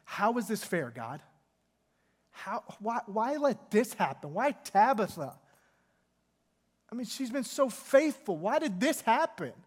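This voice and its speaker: A man's voice: high-pitched, big pitch swings, slow pace, long pauses, long reverb tail, voice pushed up, full character voice. A man voicing grieving widows who cry out to God and ask why their friend died. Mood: anguished. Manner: pleading, anguished questions.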